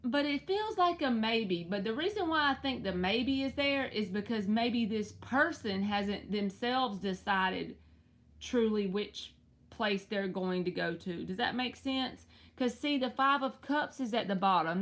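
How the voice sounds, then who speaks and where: A woman's voice: fairly high pitch, lively intonation, a little slow, fairly bright tone. Chatty Southern woman tarot reader. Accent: Southern US, rural Georgia. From Southwest Georgia, USA. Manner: chatty, laughs often, talks to viewers by name. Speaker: tarot reader and live stream host. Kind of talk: casual live stream reading and chat.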